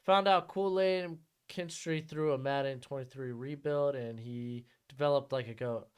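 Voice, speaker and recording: A man's voice: mid-range voice, fairly even intonation, normal speed, clean tone. A man live-streaming a football watch-along, chatting casually and jumping between calls on the plays and replies to his chat.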